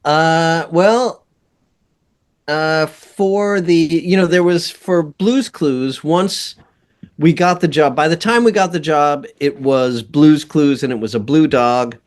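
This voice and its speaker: Slow, smooth-voiced man telling stories. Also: on the high side. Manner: slow, rambling, laughs often. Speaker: guest composer and voice actor. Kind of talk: casual interview chat.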